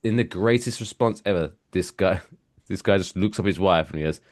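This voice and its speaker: Low-voiced english guy chatting loosely. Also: moderate pace, long pauses, darkish tone, no echo, studio quality. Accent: English, from east of London. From England. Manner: swearing, acts out customers in bursts. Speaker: podcast co-host. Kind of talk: casual chat.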